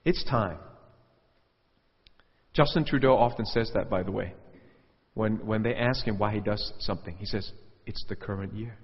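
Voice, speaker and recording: A man preaching a sermon with commentary, animated, and he mocks the quotes he reads in a raised voice. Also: on the low side, normal speed, pauses often, breathy edge. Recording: dull audio with long hall reverb.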